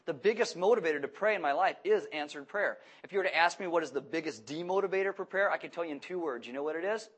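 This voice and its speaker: A man preaching a sermon to a congregation, lively and questioning, acting out voices as he goes. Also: a little high. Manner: animated, acts out voices and asks the audience questions. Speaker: pastor.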